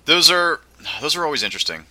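A man's voice: on the high side, big pitch swings, fast talker, pushed and bright, dry recording. A man chatting casually about video games, laid-back, laughing often and swearing offhandedly. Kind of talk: casual gaming chat.

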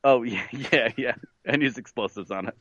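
A man's voice: medium pitch, normal speed, pushed and bright, highs cut off, slight background noise, lightly acted. A man doing a boastful wedding planner caller. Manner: boastful, keeps saying "let me tell you something". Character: smug male video game wedding planner. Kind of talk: comedic improv character.

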